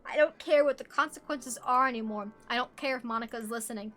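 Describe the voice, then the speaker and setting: A woman voicing a shy, obsessive young woman confessing her love in a hushed, intense way while reading game dialogue aloud. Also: fairly high pitch, fast, voice pushed down.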